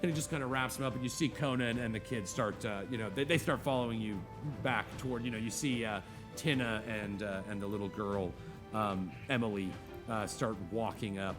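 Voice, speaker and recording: A man's voice: on the low side, fairly quick, music in the background. A man narrating a tabletop game as game master in a casual, rambling way full of fillers.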